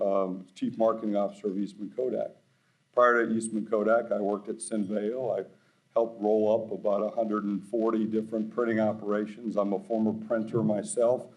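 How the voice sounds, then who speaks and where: A man's voice: on the low side, low-quality recording. A middle-aged man giving a conference keynote, telling stories in a folksy, anecdotal way. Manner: folksy, anecdotal, growing animated and loud. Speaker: keynote speaker. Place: conference stage.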